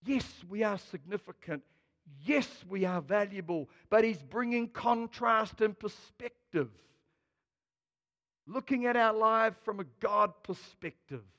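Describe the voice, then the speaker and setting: A man preaching a sermon, expressive and dramatic, swinging between quiet asides and loud emphasis. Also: sits high, measured pace, long reverb tail. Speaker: pastor.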